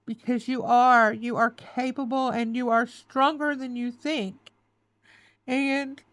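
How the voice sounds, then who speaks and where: A woman's voice: on the high side, steady tone, takes it slowly, a bit bright, no echo. A woman giving an emotional, reassuring tarot reading, close to tears, often repeating herself and calling the listener "baby". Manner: emotional, reassuring, repetitive, says "okay" and "baby". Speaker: tarot reader.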